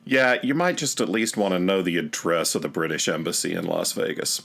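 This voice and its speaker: A man's voice: low-pitched, animated, fairly quick, vocal fry, a bit bright, slight background noise. A man co-hosting a podcast, chatting casually and telling stories in a blunt, sweary way. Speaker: podcast co-host. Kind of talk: casual chat.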